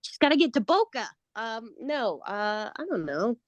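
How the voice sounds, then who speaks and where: A woman's voice: on the high side, sing-song, normal speed, no room sound. A woman co-hosting a comedy podcast, firing off wry, stubborn one-liners. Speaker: podcast co-host. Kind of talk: casual comedic chat. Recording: dull lo-fi sound.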